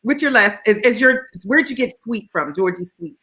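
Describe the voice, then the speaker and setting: A woman's voice: fairly high pitch, lively intonation, moderate pace, pushed and bright. A woman radio DJ co-hosting a casual online show, gushing and emotional in her praise. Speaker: co-host, radio DJ.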